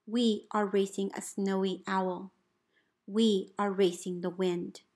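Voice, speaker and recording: A woman, a teacher, reading a picture book aloud in an expressive storybook voice, calling out the commands with gusto. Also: mid-range voice, slow. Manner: expressive, calls out dog commands loudly.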